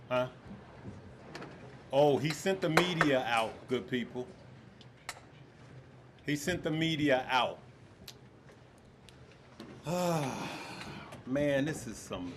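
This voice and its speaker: A man's voice: mid-range voice, background noise. A man hosting a live stream on crypto, talking straight to his viewers and repeating his points. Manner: animated, talks to viewers as "good people", often repeats himself. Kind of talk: casual live-stream commentary.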